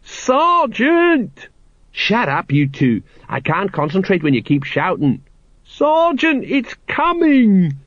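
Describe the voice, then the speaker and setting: Man doing a big honest young watchman, earnest and naive, pitched up, dry slightly muffled audiobook. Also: expressive, normal speed, few pauses, husky, no room sound. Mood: urgent shouting.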